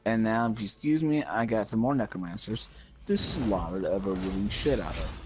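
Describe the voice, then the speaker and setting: A man's voice: lowish voice, expressive, a little fast, soft background music, low-quality recording. A man streaming a game, chatting casually and telling goofy, joking stories. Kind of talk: casual gaming stream chat.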